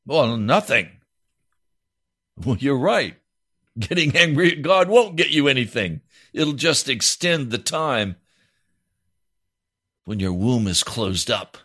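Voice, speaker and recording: A man preaching a sermon as a pastor, voice rising into high, pleading questions. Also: animated, slow, pauses often, sharp tone.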